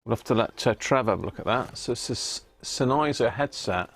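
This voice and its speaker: A man's voice: mid-range voice, fairly quick. A man hosting a casual live stream from his home workshop, chatting loosely, laughing at himself and trailing off with ums. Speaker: radio restoration livestream host.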